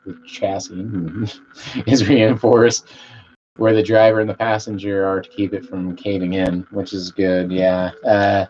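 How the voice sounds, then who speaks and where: A man's voice: deep voice, flat delivery, a little slow, darkish tone. A man chatting casually with his viewers on a live stream from home. He speaks laid-back, swears here and there, and coughs between sentences. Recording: dull lo-fi stream audio, faint room hiss.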